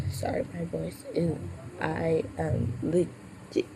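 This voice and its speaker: A woman's voice: low voice, very slow, vocal fry. A woman puppeteer chatting casually, with a sore throat from a cold and stumbling over her words. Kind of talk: casual chat. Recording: steady background noise.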